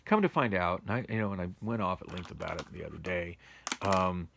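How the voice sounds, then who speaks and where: A man's voice: sits low, a little fast, vocal fry, noisy background. A man vlogging from home on a phone, rambling and complaining wearily in a casual monologue. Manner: weary, complaining, meandering with restarts. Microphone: phone camera.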